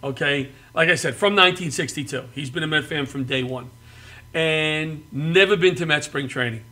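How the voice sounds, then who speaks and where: A middle-aged man telling animated stories as a talk show guest, laughing and getting loud as he acts out quotes. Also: fairly high pitch, normal speed. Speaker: comedian guest.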